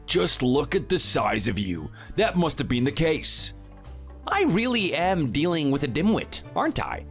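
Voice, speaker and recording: A man's voice: fairly high pitch, very animated, measured pace, vocal fry, soft background music, heavily acted. A man voicing a sneering muscle-bound bully. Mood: taunting. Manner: taunting, sneering. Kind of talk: text-to-speech texting story.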